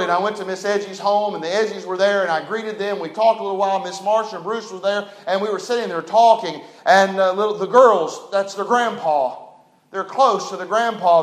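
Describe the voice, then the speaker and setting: A man preaching a sermon as pastor, telling stories folksily and swinging from loud emphasis to a hushed low voice. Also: roomy sound, low-quality recording.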